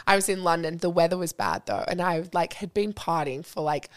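A young woman, a podcast guest telling a story in casual chat, full of "like" and quick laughs. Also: fairly low pitch. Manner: chatty storyteller, lots of "like" and laughs.

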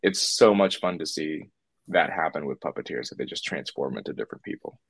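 A man's voice: extremely low pitch, lively intonation, a little fast, slightly rough, dry recording. A man talking as a puppeteer guest in a casual interview, rambling with lots of fillers and restarts.

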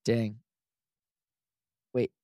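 A man's voice: very slow, mellow, no room sound, studio quality. Joking man co-hosting a podcast. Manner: joking, teasing, tells anecdotes. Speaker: podcast co-host. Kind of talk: casual chat.

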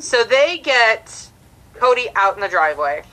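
A woman's voice: a little high, measured pace, low-quality recording. A young woman from the United States, a comedian, telling a story in casual podcast chat and acting out the people in it. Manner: animated, acts out the people in her story. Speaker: comedian guest.

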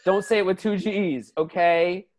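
A man's voice: high voice, fairly even intonation, a little slow. A man voicing a fed-up, petty husband, griping and sarcastic, in an improv comedy podcast.

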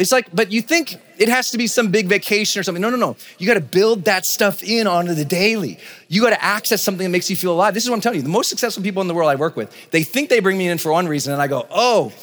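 A middle-aged man giving a live motivational talk on stage, energetic, with shouted bursts and laughing asides. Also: high-pitched. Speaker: motivational speaker. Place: large event stage before a crowd.

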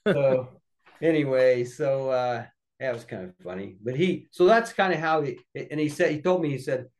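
A man's voice: medium pitch, fairly quick, poor audio. A middle-aged man spinning family stories in an easy conversational way. His voice sits in an ordinary middle register, and he jumps into other people's voices for quoted lines before dropping back to his plain telling. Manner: animated anecdotes that act out other people's voices. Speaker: podcast guest. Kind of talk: casual storytelling.

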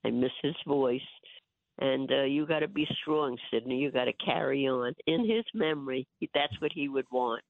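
An older woman calling in on the phone, hoarse from bronchitis, talking in a feisty, emphatic way. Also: very deep voice, normal speed, dry recording. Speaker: host's mother calling in. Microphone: phone line. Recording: tinny phone line.

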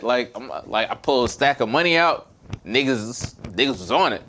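A young man talks in a middle-pitched voice, spinning a story with plenty of energy. He slips into louder, heated bursts as he acts out an argument. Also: normal speed. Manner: animated storyteller, gets loud and heated when retelling the fight. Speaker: podcast co-host telling a story. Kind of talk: casual storytelling chat.

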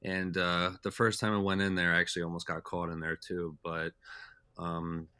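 A man's voice: deep voice, monotone, normal speed, sharp tone, clean tone, no echo. A young man telling stories as a podcast guest in a loose, rambling way, full of "like" and "uh". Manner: rambling, heavy with "like" and "uh" fillers. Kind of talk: casual storytelling chat.

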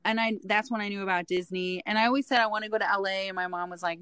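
Woman, 40s, from Nevada, guest, chatty, mimics voices in her stories, medium pitch, dry close sound. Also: fairly even intonation, quick pace, fairly bright tone, clean tone, no room sound. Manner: chatty, acts out quoted dialogue. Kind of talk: casual chat.

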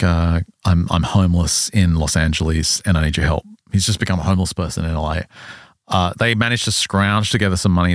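Male podcast storyteller, low voice, casual and lively, dry booth sound. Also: no room sound. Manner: animated retelling with quick acted quotes. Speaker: podcast co-host telling a story.

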